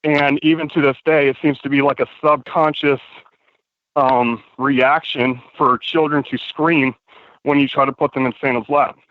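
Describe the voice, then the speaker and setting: A man's voice: medium pitch, steady tone, moderate pace, no room sound. Guy on a phone call outside walking, kinda out of breath, rambly earnest talk, tinny dry line. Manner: earnest, rambling with frequent fillers. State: slightly out of breath. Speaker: caller. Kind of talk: casual call-in chat. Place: outdoors, walking in the cold.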